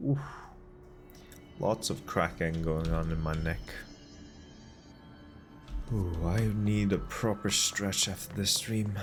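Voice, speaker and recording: A man streaming a video game, chatting casually and musing to himself with a relaxed, dryly sarcastic manner. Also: deep voice, slow, pauses often, music in the background. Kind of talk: casual gameplay commentary.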